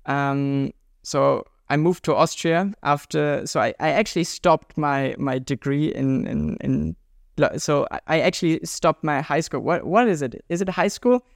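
A man's voice: a little slow, gravelly, dry recording, clean studio sound. A man in his twenties from Germany with a German accent, talking casually and upbeat as an interview guest. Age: 20s. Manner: upbeat and chatty, pitch jumps up when animated. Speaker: guest, world traveler and juggler.

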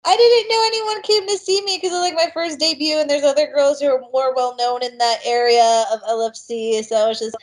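Giggly high-voiced young woman. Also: a little fast, few pauses. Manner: giggly, animated storytelling. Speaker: guest fighter. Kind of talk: casual interview chat.

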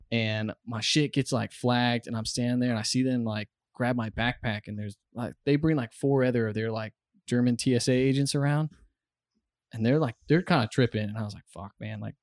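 A man's voice: mid-range voice, steady tone, moderate pace, no room sound. A young American man telling a story on a podcast, rambling and swearing, with many fillers, close to the mic. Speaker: podcast guest. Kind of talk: casual storytelling. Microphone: close studio mic.

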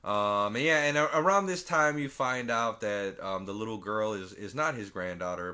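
A man casually recapping a movie plot with a friend, swearing often and acting out the characters' lines in quick silly voices. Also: lowish voice. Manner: animated, profane, acts out quotes in silly voices. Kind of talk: casual film recap chat.

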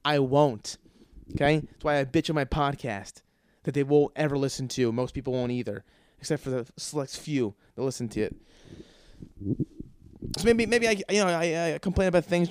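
A man rants casually for laughs on the podcast he hosts, cursing freely, complaining, and rambling with frequent restarts. The mid-range, smooth voice is captured at studio quality without room sound.

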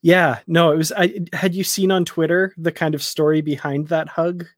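A man guesting on a casual chat show, friendly and quick to laugh. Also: on the high side, steady tone, no room sound, studio quality.

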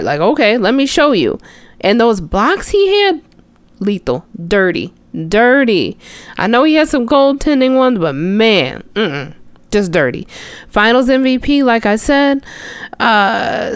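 Animated chatty woman podcast host. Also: fairly high pitch, clear, resonant tone, no room sound. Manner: animated, chatty, exclaims often. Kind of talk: casual sports chat. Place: city outside Chicago.

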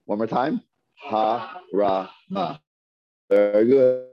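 A man teaching Hebrew reading, sounding out words slowly and patiently and repeating them. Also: fairly low pitch. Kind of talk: slow, patient reading lesson. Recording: dull lo-fi dry recording.

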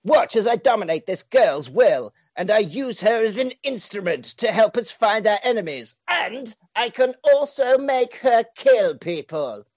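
A man voicing a scheming evil mastermind villain in a slow, theatrical, menacing manner, as a comic put-on voice. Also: high-pitched, very animated, darkish tone, no room sound, voice pushed up, heavily acted.

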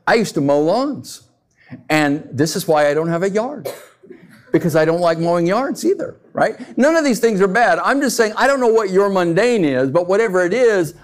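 A high-voiced man preaches a sermon as a pastor, speaking to his congregation in a lively, conversational style and often asking rhetorical questions.

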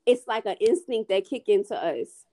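A woman speaking in a relaxed podcast conversation at a middle pitch. She talks with emphasis, repeats phrases to drive her point home, and draws out some words. Her tone is down to earth and conversational. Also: normal speed. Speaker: beauty brand owner, guest.

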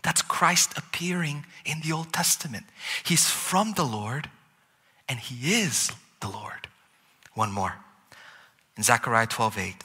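A man preaching a sermon as pastor, lively and playful, with chuckles and asides to the congregation. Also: mid-range voice, slightly rough. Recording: long hall reverb.

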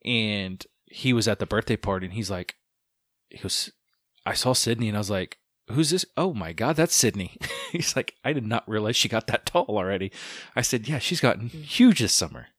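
A man's voice: fairly low pitch, lively intonation, moderate pace, a bit bright, dry recording, studio quality. A man in his thirties, co-hosting a casual podcast chat and rambling with many stammered restarts. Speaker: podcast co-host.

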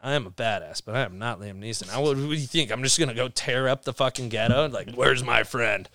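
A man's voice: mid-range voice, quick pace, gravelly, bright, forceful tone, no echo, clean studio sound. A young man, a podcast guest, telling rambling stories in casual chat, swearing a lot and laughing as he goes. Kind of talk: casual storytelling.

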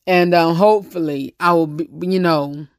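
A man's voice: fairly high pitch, steady tone, normal speed, clean tone, no room sound, studio quality. A man with a Southern US accent hosting a casual talk segment, speaking bluntly and rambling with many restarts. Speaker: host.

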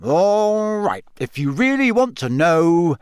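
A man voicing a cheeky teenage boy prankster who talks in a brisk, matter-of-fact way. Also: high voice, big pitch swings, darkish tone, smooth, dry recording, studio quality, voice pushed up, heavily acted.

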